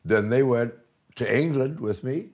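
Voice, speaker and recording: A man's voice: mid-range voice, moderate pace, darkish tone, muffled recording. An older man telling playful stories in a casual conversation, laughing often as he talks. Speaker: honoree in conversation. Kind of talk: casual reminiscing chat.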